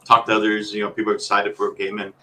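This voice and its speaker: A man co-hosting a gaming podcast who talks in a relaxed, reflective way, pausing and restarting often. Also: fairly low pitch, slight background noise, low-quality recording. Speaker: podcast co-host. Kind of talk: casual gaming news chat.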